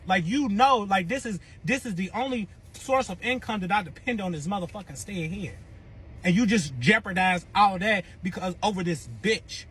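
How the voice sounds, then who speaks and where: Young man, high voice, profane storytime monologue, dramatic swings, faint hiss behind. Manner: animated, profane, dramatic swings in pitch and volume. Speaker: storyteller recounting a breakup saga.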